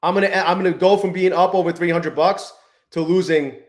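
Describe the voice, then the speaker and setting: A man hosting a live trading stream, chatting with viewers, swearing often and swinging between low mutters and exasperated outbursts. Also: steady tone, a little fast, echoey room. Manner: profane, exasperated, talks to chat. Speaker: livestream trading host.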